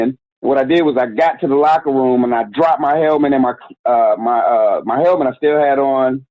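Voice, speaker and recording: A man's voice: on the high side, dry recording. Guy in his 40s telling his story, laid back and slangy, tinny phone sound, dry. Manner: candid, conversational, slangy. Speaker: youth organization director, guest. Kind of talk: casual storytelling interview.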